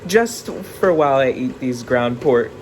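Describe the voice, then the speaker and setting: A man's voice: mid-range voice, animated, a little slow, a little mellow. Casual male vlogger, dramatic slangy delivery, kitchen fan humming faintly behind. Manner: dramatic, filler-heavy slang talk. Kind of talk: casual chatty vlog. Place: home kitchen. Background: fume hood noise.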